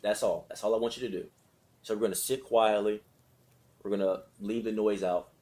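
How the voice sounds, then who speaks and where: A man's voice: fairly low pitch, steady tone, fairly quick, warm tone. A man leading a casual self-help lesson and guided meditation, talking conversationally, repeating himself and checking in with his listeners. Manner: conversational, repetitive, with frequent check-ins; laughs between phrases. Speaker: self-help study leader.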